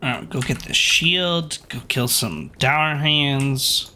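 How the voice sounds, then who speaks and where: A man's voice: mid-range voice, takes it slowly, sharp tone, a little hiss or hum. A man casually commenting while streaming an online role-playing game, rambling and laughing easily at a desk microphone.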